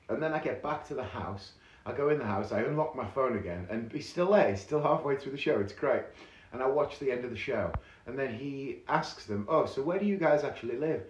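A man hosting a podcast, telling a story in a chatty, animated way with casual fillers. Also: medium pitch, slight background noise. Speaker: podcast host. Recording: echoey room.

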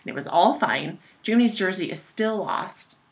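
A woman's voice: mid-range voice, animated, moderate pace, vocal fry. Woman, 30s, podcast co-host, candid storyteller, swears casually, self-mocking. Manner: candid storytelling, swears freely, laughs at herself. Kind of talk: casual chat.

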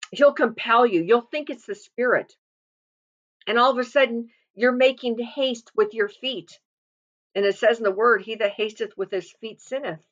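A woman delivers a sermon in an earnest, emphatic way, leaning into each scripture quote. Her voice sits a little high. The recording is muffled and lo-fi. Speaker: preacher.

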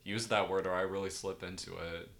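A young man with a very low voice chats casually on a podcast. He speaks loosely, full of fillers and self-deprecating asides. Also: flat delivery, a little fast, vocal fry, a bit bright. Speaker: podcast co-host. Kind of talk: casual chat.

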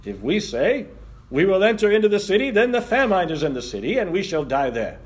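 Pastor putting on starving outcast men, high, pleading and dramatic. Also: male voice, very animated, a little fast. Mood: desperate. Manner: pleading, dramatic, pitched-up lament.

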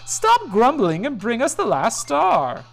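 A woman voicing a loud, menacing game villain. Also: on the high side, huge pitch swings, vocal fry, pitched above the performer's own voice, heavily acted. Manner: loud, slow and commanding. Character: menacing masked villain, demanding and smug.

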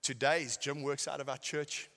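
A middle-aged man preaching a sermon, telling stories and swinging between shouted lines and quiet asides. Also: medium pitch, steady tone, moderate pace. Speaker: pastor. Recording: hall with long reverb.

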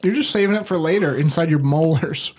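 A man's voice: fairly high pitch, a little fast, darkish tone, a little hiss or hum. A man co-hosting a podcast in casual chat, enthusiastic and swearing offhandedly. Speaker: podcast co-host.

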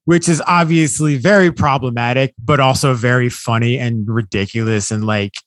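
A man's voice: medium pitch, fairly even intonation, normal speed, no echo. An American man hosting a casual comedic chat show, rambling with jokey asides. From United States. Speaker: podcast host.

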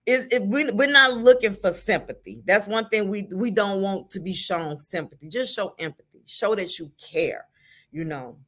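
A woman's voice: medium pitch, normal speed, fairly bright tone. Older woman, earnest, repeats herself for emphasis, talk show guest. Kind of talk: casual chat.

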